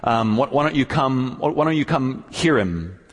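A man preaching, telling a personal story with animated swings from quiet and low to loud, high outbursts, often stammering on restarts. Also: normal speed, slightly rough, long reverb tail. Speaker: pastor. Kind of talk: sermon storytelling.

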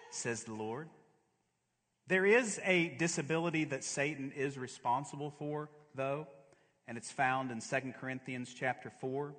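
A male pastor preaching a sermon, swinging from hushed, slow lows to fervent, louder peaks. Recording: long hall reverb.

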